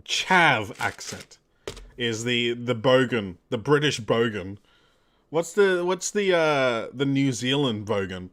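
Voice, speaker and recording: A man's voice: medium pitch, lively intonation, slow pace, fairly bright tone. A young adult man chatting casually while streaming a game, rambling and correcting himself with lots of fillers. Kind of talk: casual let's-play chat.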